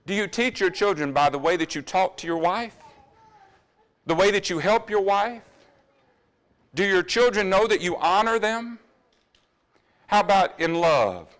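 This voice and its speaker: A man delivers a sermon in a church, pressing the congregation with earnest questions. His voice sits fairly high and swings widely in pitch as he preaches. He drops into quieter asides now and then. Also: expressive, unhurried, pauses often. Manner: drops to quiet asides about running over time.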